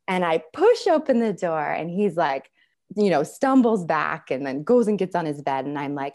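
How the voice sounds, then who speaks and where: Low-voiced woman in her thirties, podcast guest, candid storyteller. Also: moderate pace. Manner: candid, animated storytelling with laughs and fillers. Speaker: life and parenting coach, guest.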